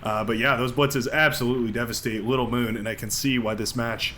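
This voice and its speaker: A man's voice: mid-range voice, fairly even intonation, fairly quick, a bit bright, a little hiss or hum. An American man casting a real-time strategy match, chatty and upbeat, with many fillers and restarts. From United States. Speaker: game commentator. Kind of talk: live strategy game commentary.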